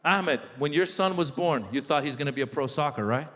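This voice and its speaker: A middle-aged man performing a stand-up comedy set, telling animated stories and shouting in character voices. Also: on the high side, brisk. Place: large live venue. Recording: live hall with long reverb.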